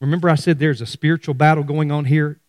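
A man's voice: a little high, fairly even intonation, quick pace, no echo, studio quality. A middle-aged man preaching a sermon, speaking animatedly to his congregation. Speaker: pastor.

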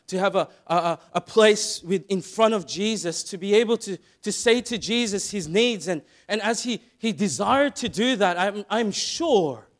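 Sermon-preaching man, from hushed to shouting. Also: high-pitched, animated, moderate pace, hardly any pauses. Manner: dramatic, swings from soft asides to shouted retellings.

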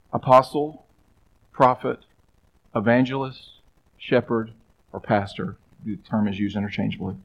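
A middle-aged man preaching a sermon as pastor, conversational and emphatic, with pauses and stressed phrases. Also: medium pitch, slight background noise, low-quality recording.

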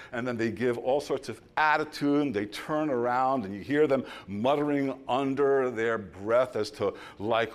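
A middle-aged male pastor preaching a sermon, telling a story that builds to loud emphasis and then drops soft. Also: mid-range voice, unhurried, few pauses.

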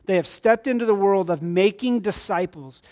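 A man's voice: high-pitched, normal speed, a little mellow. A pastor preaching a conversational sermon to his church, a man acting out quoted voices in his stories.

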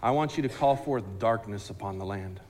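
A man voicing a commanding male deity who gives orders in a slightly lowered voice. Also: a little fast, a little mellow, in a large hall, lightly acted.

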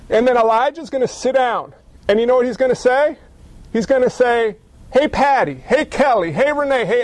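A pastor with a high, light male voice delivers a sermon in an easygoing, emphatic way, slipping in playful asides. The sound is dry and close, with no room echo.

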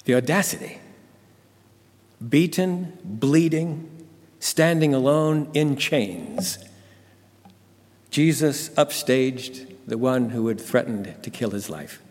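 A man narrating a Bible story in the first person, dramatic and intense in delivery. His voice sits at a middle pitch, and a long reverb rings behind it. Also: darkish tone.

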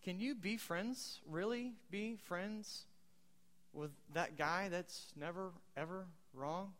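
A man's voice: high voice, slow, a bit bright, in a large hall. A male pastor giving a conversational sermon, asking the congregation questions and quoting funny one-liners.

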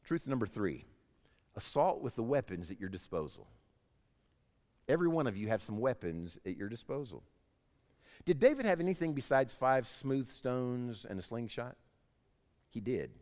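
A man preaching a sermon as pastor, telling stories with lively voices. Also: medium pitch, in a large hall. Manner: animated storytelling, acts out voices in anecdotes.

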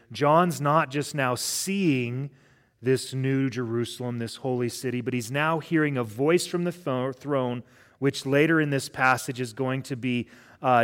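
Middle-aged male pastor, chatty sermon delivery, ordinary mid-range voice, thinks aloud mid-sentence. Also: medium pitch. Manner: casual storytelling with frequent restarts. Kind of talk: conversational sermon.

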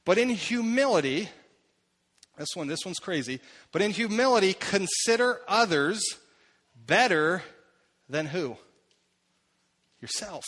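A man's voice: high voice, lively intonation, a little slow, pauses often, fairly bright tone. A man in his thirties preaching a sermon, talking conversationally and putting questions to the congregation. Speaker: pastor. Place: church hall. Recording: long hall reverb.

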